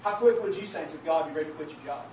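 A man preaching a sermon and sharing his testimony, calling out to the congregation as saints of God and building to emphatic shouts. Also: a little high, rapid-fire. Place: church hall. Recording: very echoey, distant, dull church recording with faint hiss.

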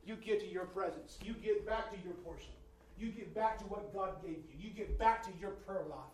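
A man preaching a sermon, swinging from quiet asides to shouted appeals and drawing amens from the congregation. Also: sits high, brisk, distant mic. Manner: call-and-response with the congregation. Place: church sanctuary. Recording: echoey church, voice picked up from afar.

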